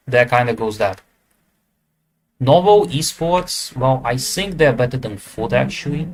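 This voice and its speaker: Slight background noise sits behind this man's mid-range voice. As an esports tier list maker, he ranks teams in an offhand way, thinking aloud, stumbling over fillers, and correcting himself.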